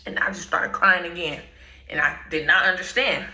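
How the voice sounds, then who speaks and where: A woman telling a personal story in slangy, laid-back storytime talk, often clearing her throat. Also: fairly low pitch, fairly even intonation, normal speed, pushed and bright, echoey room, rough recording. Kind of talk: casual storytime.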